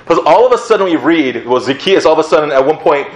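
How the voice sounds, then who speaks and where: A man preaching a sermon in a casual, animated storytelling manner, often laughing as he talks. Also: on the high side, quick pace. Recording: roomy echo, faint ambience.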